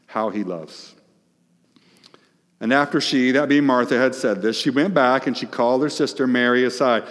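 A male pastor preaching a sermon, asking the congregation questions, emphatic and shifting between loud and hushed. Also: medium pitch, normal speed, big-room sound.

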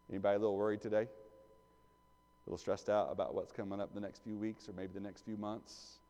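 A male pastor preaches in a casual, conversational way and keeps asking the congregation questions. His voice sits at an ordinary pitch and rings with a long reverb through the church. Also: steady tone, fast talker, mellow. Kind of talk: sermon. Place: church sanctuary.

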